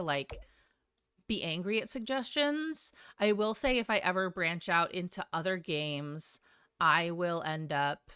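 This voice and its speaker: A woman's voice: lowish voice, sharp tone, clear, resonant tone, no echo. A woman streamer chatting casually and a bit scatterbrained while building in a game, with a sing-songy way of talking. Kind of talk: casual live-stream chat while gaming.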